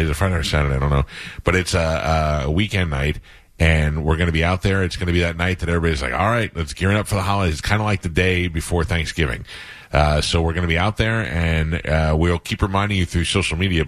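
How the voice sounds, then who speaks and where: Radio host, male: very low, dry studio sound, rambling jokey storyteller. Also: no room sound. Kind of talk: casual morning-show banter.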